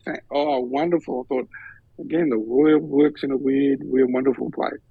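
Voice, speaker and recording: A man's voice: mid-range voice, fairly even intonation, moderate pace, vocal fry, breathy edge, dry recording. Australian man, podcast co-host, casual storytelling, acts out quoted voices, dry, dull sound.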